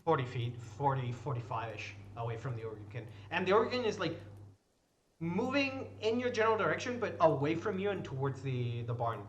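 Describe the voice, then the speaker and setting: A man's voice: a little high, big pitch swings, fairly quick, highs cut off, a little hiss or hum. A man narrating a tabletop game as game master, rambling loosely with restarts and the odd curse. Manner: rambling, full of restarts and fillers, loose and profane.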